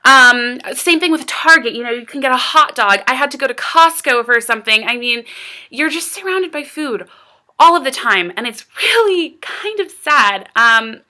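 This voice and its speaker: A woman's voice: high voice, lively intonation, normal speed, pushed and bright. An American woman talking casually to her camera as a vlogger, rambling and earnest with lots of fillers. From United States.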